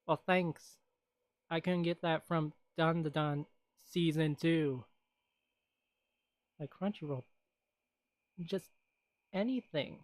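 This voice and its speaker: A streamer chatting casually on stream at an unhurried pace, rambling from one thought to the next. The voice sits at a middle pitch and is recorded dry and close. Laughs and sighs come often. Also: dry recording.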